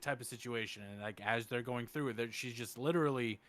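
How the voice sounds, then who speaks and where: A man's voice: medium pitch, fairly quick, a bit bright. Young man explaining with frequent swearing. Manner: profane, explaining in rambling run-ons. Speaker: podcast co-host. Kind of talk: casual podcast chat.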